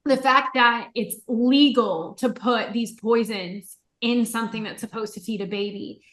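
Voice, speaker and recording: A woman's voice: on the high side, unhurried, a bit bright. Earnest woman host in an echoey room. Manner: earnest, heartfelt. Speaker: podcast host. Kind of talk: casual podcast conversation.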